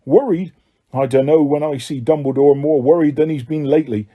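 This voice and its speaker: A man voicing a huge, gruff male gamekeeper with rough, blunt speech. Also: on the high side, fairly quick, narrow, tinny audio, lightly acted. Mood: angry.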